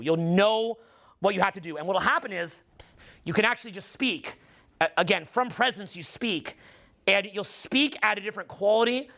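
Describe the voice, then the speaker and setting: A middle-aged man with a high, gravelly voice and a bright, forceful edge. He preaches an intense motivational monologue, swearing freely and drawing his words out slowly when he wants them to land. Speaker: dating and social skills coach.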